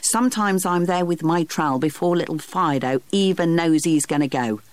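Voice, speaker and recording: A storybook narrator voicing a proud, streetwise urchin boy who talks in a boastful, brisk way. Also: mid-range voice, dry recording, voice pushed up, lightly acted.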